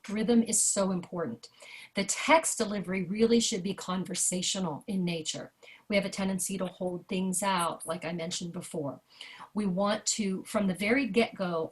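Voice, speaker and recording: A woman teaching a jazz singing lesson over a video call, chatty and animated, breaking into sung rhythm syllables to demonstrate. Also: medium pitch. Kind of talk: online workshop lesson.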